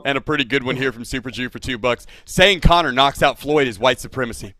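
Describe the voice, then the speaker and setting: A man's voice: mid-range voice, fast, pushed and bright, no echo. An American man hosting a casual live stream over a voice call, joking and reading viewer donations aloud. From United States. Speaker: stream host.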